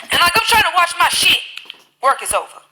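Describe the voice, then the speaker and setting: A woman live streaming, telling her stories in an animated, profane way into a phone mic. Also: very high-pitched, fairly quick, low-quality recording. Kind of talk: casual live-stream chat.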